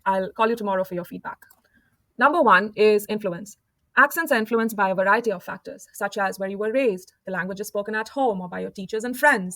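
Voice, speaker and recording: A woman from India giving a calm, measured scripted narration for an explainer video. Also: medium pitch, dry recording.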